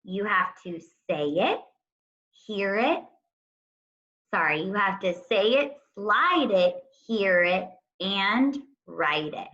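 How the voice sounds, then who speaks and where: A woman teacher talks young children through a writing lesson at an unhurried pace. She speaks deliberately and draws out the sounds of words one at a time. The recording is dull and lo-fi. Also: medium pitch, animated, sharp tone. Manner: slow, deliberate, stretching out word sounds.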